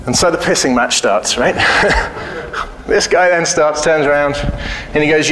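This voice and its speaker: At a conference hall, a man gives a casual talk, joking, informal, blunt and frequently profane. His voice sits on the high side with a moderate pace and fairly bright tone, and the echoey hall carries slight background noise and faint ambience.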